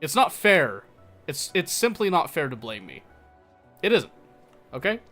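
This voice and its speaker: A man's voice: on the high side, very animated, measured pace, pushed and bright, soft background music. A young man live-streaming a game, chatting casually with his viewers in a playful, teasing, mock-defensive way. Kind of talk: casual live-stream chat while gaming.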